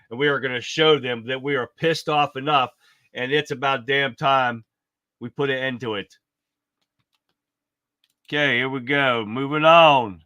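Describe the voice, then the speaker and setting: A man's voice: mid-range voice, pushed and bright, no echo. A man hosting a casual political livestream, fired up and rambling, swearing freely as he talks. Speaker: livestream host.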